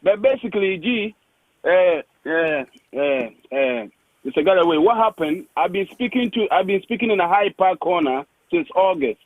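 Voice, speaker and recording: A high-voiced man calls in over a tinny, dry phone line. He laughs as he talks, rambles, and keeps repeating his words. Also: expressive, normal speed, no room sound. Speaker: caller. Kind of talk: phone-in call.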